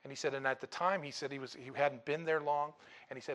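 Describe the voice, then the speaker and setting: A man preaching a sermon, telling a personal story dramatically and swinging from loud bursts to hushed lines. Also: medium pitch, steady tone, fast.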